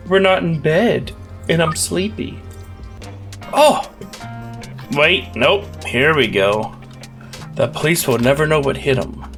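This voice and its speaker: A man with a cough giving rambling, jokey, excitable commentary while playing a game. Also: fairly high pitch. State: has a cough. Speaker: let's play gamer. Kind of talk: casual gameplay commentary.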